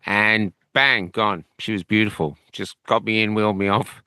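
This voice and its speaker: An Australian man tells his story as an interview guest, meandering through fillers and restarts. His voice is bright and crisp, and the recording is dry with no room sound. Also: on the low side, fairly even intonation, normal speed, no echo. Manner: rambling, with many fillers and restarts. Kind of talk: conversational storytelling.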